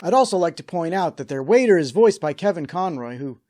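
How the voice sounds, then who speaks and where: A man's voice: on the high side, big pitch swings, a little fast, a little mellow, faint music behind. Man recapping, wry and sarcastic. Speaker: host. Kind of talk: scripted episode recap.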